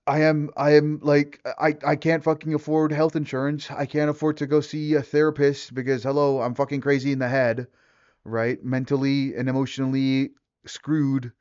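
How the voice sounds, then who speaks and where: A man's voice: mid-range voice, flat delivery, moderate pace, darkish tone, smooth, muffled recording. A young man in a casual, unscripted rant, talking in rambling bursts with lots of restarts, fillers and swearing. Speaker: vlogger.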